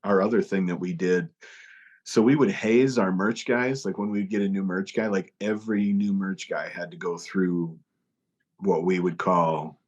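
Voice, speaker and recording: A man with a fairly low voice tells a tour story in relaxed conversation. He gets animated and pops into a higher voice to act out what others said. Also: normal speed, muffled recording. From United States. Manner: animated, acts out quotes in a higher voice. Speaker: podcast guest, touring musician. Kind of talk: casual storytelling.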